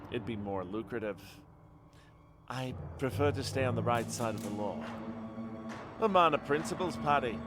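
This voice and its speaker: A man voicing a menacing male mob boss in a put-on Irish accent, talking in a slow, cold, threatening drawl over game music. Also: mid-range voice, animated, lightly acted. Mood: scornful. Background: background game music.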